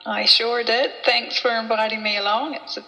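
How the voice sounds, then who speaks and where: Kiwi lady author, bright tense voice, dry playful banter, long reverb. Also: on the high side, steady tone, normal speed, a little hiss or hum. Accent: New Zealand. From New Zealand. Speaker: author and guest. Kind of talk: casual chat.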